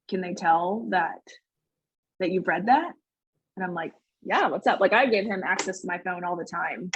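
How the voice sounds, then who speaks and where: A woman's voice: fairly low pitch, a little hiss or hum, low-quality recording. A young woman, a podcast guest, telling a personal story in earnest, rambling conversation and acting out the lines people said.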